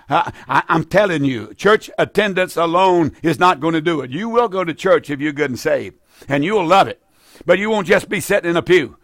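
Older man, fervent radio preacher, urgent pleading, slightly high voice, dry close mic. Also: a bit bright, no echo. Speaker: radio preacher and call-in host. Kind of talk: evangelistic radio preaching with call-in.

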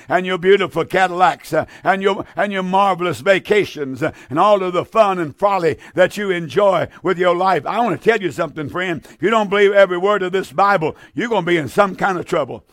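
A fervent man preaching with a high, urgent voice. He challenges his listeners directly and circles back over his own phrases. The sound is dry and close, with no room around it. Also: a bit bright, dry recording. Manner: fervent, repeats phrases, stammering restarts. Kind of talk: fiery sermon.

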